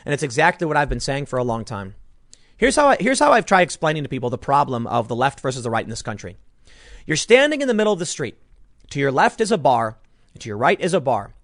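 Animated, combative male political commentator. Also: mid-range voice, fast, dry recording, clean studio sound. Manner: combative and sarcastic, with frequent restarts. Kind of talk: opinionated commentary monologue.

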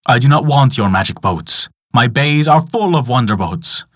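A man's voice: medium pitch, lively intonation, moderate pace, a bit bright, husky, dry recording, studio quality. A man voicing an ancient, wise wizard who scolds and scorns in a folk tale. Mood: stern. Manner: stern, scolding.

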